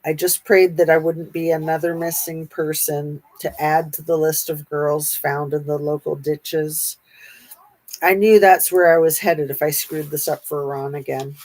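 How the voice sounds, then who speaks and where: A woman reading a memoir aloud in a steady, unhurried way, pausing now and then. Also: deep voice, rough recording.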